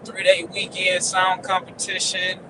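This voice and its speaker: A man's voice: high voice, monotone, unhurried, noisy background. A man guest in a casual chat who stammers and repeats himself as he talks.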